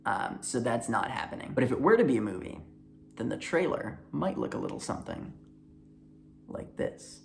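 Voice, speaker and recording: A man hosting a comedy video, giving deadpan, sardonic commentary. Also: mid-range voice, fairly quick, creaky, soft background music.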